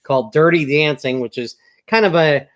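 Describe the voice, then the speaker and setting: A man's voice: fairly high pitch, normal speed. A man co-hosting a wrestling podcast, recapping matches in a laid-back, hesitant way with lots of ums and uhs. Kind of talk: casual recap chat.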